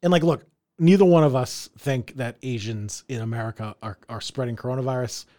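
A man's voice: mid-range voice, fairly quick, dark tone. A man co-hosting a podcast in casual chat, teasing his friend, swearing freely and laughing often. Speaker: podcast co-host.

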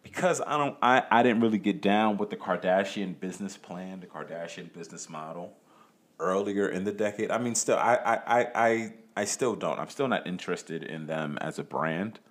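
A podcast host with a low-pitched voice talks at a normal speed on his solo show. He's casual and profane, rambling and stammering through restarts while tossing rhetorical questions at the listener.

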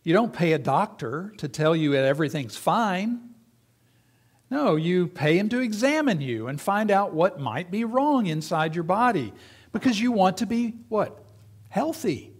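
A man's voice: high voice, expressive, normal speed. A man preaching a sermon to his church, talking in a conversational way and asking the congregation questions. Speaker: pastor.

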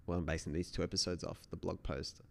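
A man's voice: low-pitched, flat delivery, quick pace, creaky. A man hosting a solo podcast, talking in a casual, rambling way with many restarts. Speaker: podcast host.

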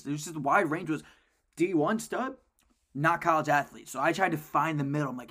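A young man co-hosts a casual sports podcast, his voice sitting a little high for a man. He tells stories animatedly and climbs sharply in pitch when something excites him. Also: fairly quick. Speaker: podcast co-host.

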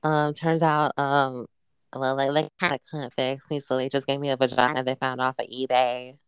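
A man's voice: mid-range voice, flat delivery, normal speed, fairly bright tone, smooth, lightly acted. A man putting on a put-on US Southern accent to play a pious, prim Southern church mom, in a sugary, churchy drawl. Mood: chipper. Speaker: podcast co-host.

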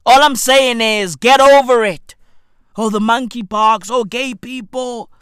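A comedic host ranting profanely, with slang and repeated "bruv", swinging between shouting and muttering. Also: medium pitch, fairly even intonation, unhurried, smooth, no room sound, clean studio sound. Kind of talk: comedic rant.

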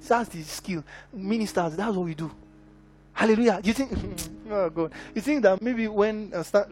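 A man's voice: high-pitched, husky. A man preaching a sermon as a minister, emphatic and constantly checking in with his listeners. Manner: emphatic, keeps checking in with the congregation.

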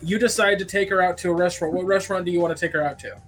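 A man narrating an improvised comic tabletop game as game master, stammering and crude, with a deadpan delivery. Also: sits high, racing, soft background music.

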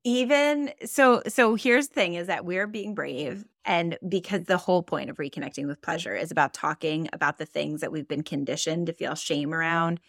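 Low-voiced candid woman podcaster. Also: dry recording, studio quality. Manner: candid and animated, with many fillers. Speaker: podcast co-host. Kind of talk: casual chat.

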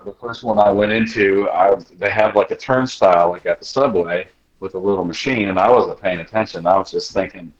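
Heard through dull audio, a low-voiced American man shares travel stories as a podcast guest. His storytelling is casual and animated, full of acted-out quotes and laughter.

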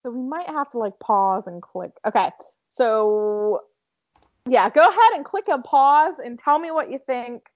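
A woman's voice: a little high, lively intonation, measured pace, dull audio. A woman with a Southern American accent, co-hosting a podcast in casual chat, talking in a chatty way with lots of fillers. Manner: chatty, lots of "like" and self-talk. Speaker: podcast co-host.

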